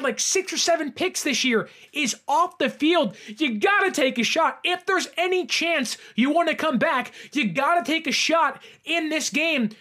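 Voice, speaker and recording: A man hosting a sports reaction show, giving an animated fan's rant about a football game. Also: very high-pitched. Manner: animated, fan ranting with rising shouts. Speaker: sports podcast host. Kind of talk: excited sports reaction monologue.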